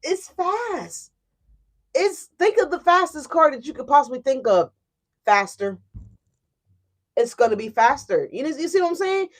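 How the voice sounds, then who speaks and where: A woman speaking to her viewers in a loose, chatty tarot reading. Her voice sits a little high, and she talks with lively emphasis. She keeps checking in with the audience and swears now and then. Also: moderate pace. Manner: animated and emphatic, often tagging "right?", swears freely. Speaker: tarot reader. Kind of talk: casual tarot reading to camera.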